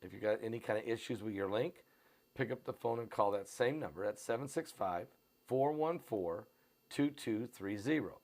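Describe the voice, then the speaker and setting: A man with an American Midwestern accent hosting a live stream, pushing tickets in a repetitive, urgent pitch full of fillers. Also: normal speed, darkish tone. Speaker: host of a prophecy channel. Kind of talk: live-stream promotion and commentary. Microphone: on camera.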